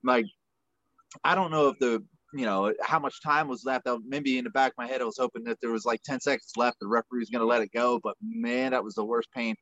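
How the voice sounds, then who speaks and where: A retired male fighter, a podcast guest, telling a story in a rambling, animated way with lots of fillers. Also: mid-range voice, fairly quick, no echo. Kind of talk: casual storytelling. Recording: muffled dry podcast audio.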